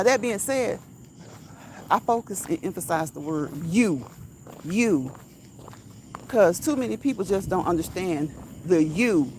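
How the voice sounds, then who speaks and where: A woman's voice: mid-range voice, a little mellow, a little hiss or hum. A woman vlogger giving motivational talk on a walk outdoors, emphatic and repetitive, chuckling now and then, into a phone mic. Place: outdoors, walking at night. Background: crickets and insects.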